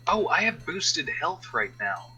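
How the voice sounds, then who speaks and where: Bright-voiced man cursing at his dice. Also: on the high side, sing-song, faint music behind, rough recording. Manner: exclaims and curses at bad rolls, quick asides. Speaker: player. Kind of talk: casual tabletop game play over an online call.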